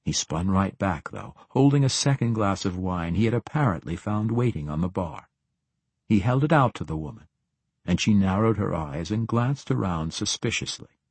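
Male audiobook narrator, steady fantasy reading, dry close sound. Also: deep voice, slightly rough, no room sound. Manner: steady, measured storytelling.

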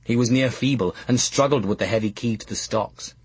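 A man narrating an audiobook in a wry, lively storytelling manner. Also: mid-range voice, fairly quick, slightly rough, no room sound.

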